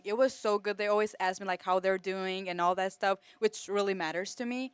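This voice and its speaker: Heartfelt young woman with a smooth voice. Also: mid-range voice, fairly even intonation, a little fast, hardly any pauses, dry recording. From Kosovo. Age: teens to early 20s. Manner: heartfelt, many fillers. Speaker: exchange student. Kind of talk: emotional thank-you speech. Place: school TV studio.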